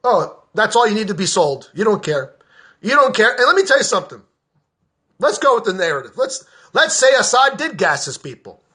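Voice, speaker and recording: A man's voice: high voice, bright, forceful tone. An American man, a veteran, delivering a heated, profane, sarcastic political rant to the camera in an agitated state. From United States.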